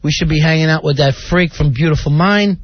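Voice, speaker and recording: A man co-hosting a comedic talk radio show, ranting sarcastically and loudly. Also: a little high, brisk. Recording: dull lo-fi radio recording.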